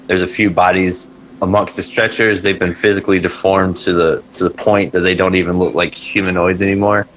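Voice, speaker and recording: A man with a very low voice narrates a tabletop fantasy game as its game master. He talks hesitantly, full of ums and restarts, as he describes the scene and calls for rolls. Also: fairly bright tone, low-quality recording. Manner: hesitant, many fillers and restarts.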